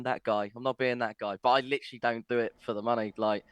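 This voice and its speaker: A man's voice: mid-range voice, fairly even intonation, fairly quick, hardly any pauses, fairly bright tone, clear, resonant tone, dry recording. A young man, a musician guest, chatting casually and enthusiastically, with many "like"s and "mate"s. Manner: enthusiastic, laughs easily, uses "like" and "mate". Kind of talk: casual interview chat.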